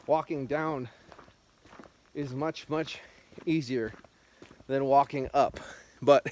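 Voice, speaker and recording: Casual male vlogger, breathless, rambling and jokey, handheld camera outdoors. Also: medium pitch. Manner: rambling, joking, chatty. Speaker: beer vlogger. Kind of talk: casual walking vlog. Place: outdoors on a country road.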